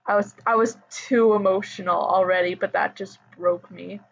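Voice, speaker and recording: A woman chatting casually as a pop music fan, rambling with fillers and soft laughs. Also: medium pitch, steady tone, moderate pace, vocal fry. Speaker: idol fan commentator. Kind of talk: casual chat. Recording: dull lo-fi audio.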